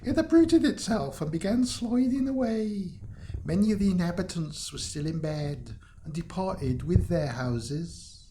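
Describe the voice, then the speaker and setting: A man voicing a matter-of-fact local woman in a high, lilting put-on voice with an accent. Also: animated, measured pace, dark tone, a little hiss or hum.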